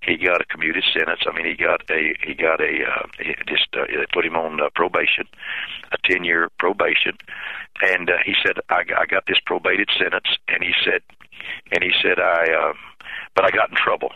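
A pastor speaks in a very deep, gravelly voice, earnest and halting, stumbling over repeated words. The sound is thin and tinny, as if over a phone line. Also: male voice, flat delivery, dry recording. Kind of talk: telling a personal story in an interview.

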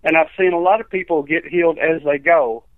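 A man's voice: fairly high pitch, steady tone, fairly quick, dry recording. A man, an evangelist telling healing testimonies in a rambling, folksy way, acting out the quotes. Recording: tinny dry phone line.

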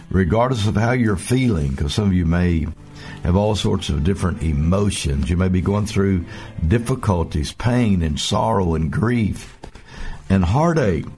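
A man giving a devotional message as a minister, earnest and halting, pausing often on fillers. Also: deep voice, a little mellow.

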